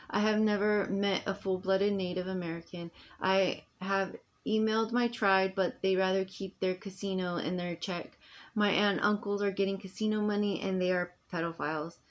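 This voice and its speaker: A woman records a rambling personal vlog, speaking at a mid pitch. She talks emphatically, restarts her sentences often and lets them trail off. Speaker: vlogger.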